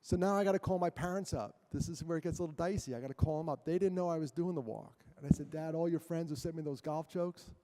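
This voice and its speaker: A man speaking as a guest at a church, telling his story in an animated, self-mocking way. His voice is a touch high and mellow. It rings with long reverb from the hall. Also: quick pace, hardly any pauses. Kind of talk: storytelling talk to a church audience.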